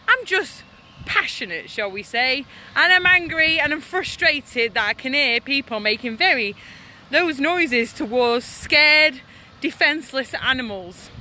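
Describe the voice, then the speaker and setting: An animal rights vlogger delivers an angry rant, indignant and emphatic, repeating her points. Her high voice is pushed and bright, with lively intonation and an unhurried pace. Faint street noise can be heard behind her.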